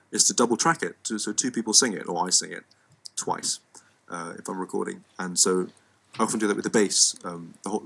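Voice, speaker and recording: A man's voice: on the low side, gravelly, fairly bright tone. An English man with a cold, teaching an online music lesson in a rambling, playful way with frequent ums. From England. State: has a cold.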